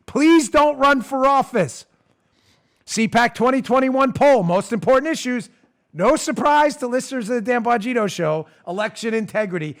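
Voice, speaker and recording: A man hosting a political talk show, giving an emphatic, animated monologue and often laughing and bantering with his producer. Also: high-pitched. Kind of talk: opinionated monologue.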